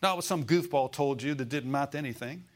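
A man's voice: medium pitch, fast. An older man preaching a sermon in a folksy, rambling way, climbing to emphatic declarations when he quotes scripture.

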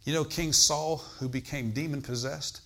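A man's voice: on the high side, steady tone, normal speed, gravelly, fairly bright tone. A man preaching a sermon in a conversational way. He asks the congregation questions and adds emphatic exclamations.

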